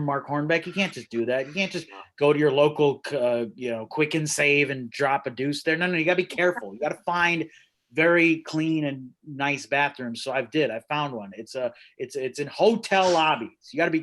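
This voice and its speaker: Hosting a video-call open mic from a small room at home, a comedian rambles and riffs through self-deprecating stand-up. His voice is a little high with a fairly bright tone, and he talks fairly quickly.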